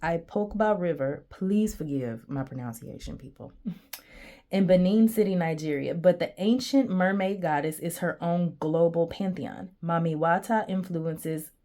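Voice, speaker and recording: A woman's voice: on the low side, measured pace, warm tone. A woman giving a casual tarot reading, chatty and digressive, talking straight to her viewers. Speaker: tarot reader.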